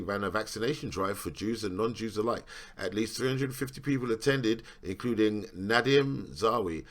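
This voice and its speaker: A man's voice: medium pitch, a bit bright. A man reading a news article aloud and commenting on it sarcastically, rambling and asking "right?" again and again. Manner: rambling, repeats "right?" for emphasis; sarcastic, questioning.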